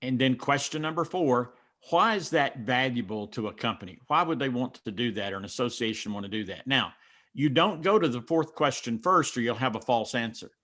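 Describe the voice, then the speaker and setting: A man with a Southern accent from the North Carolina mountains, talking in a folksy, instructive way. He walks listeners through ideas step by step and tells plain personal stories. His voice sits at a middle pitch for a man. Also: expressive, a little fast, pushed and bright. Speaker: speaker coach answering questions. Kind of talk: teaching Q&A and personal storytelling.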